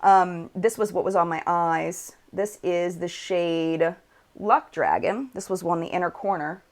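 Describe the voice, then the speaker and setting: A woman's voice: on the low side, measured pace. Woman, American accent, casual live-stream chat, reads comments aloud, swatches makeup. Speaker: beauty YouTuber hosting a live chat.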